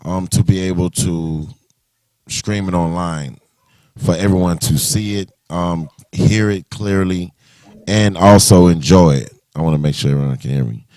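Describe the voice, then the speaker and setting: A man's voice: sits low, normal speed, a little mellow, no echo, studio quality. A man hosting a casual livestream chat, talking loosely and rambling with many restarts. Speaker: livestream host.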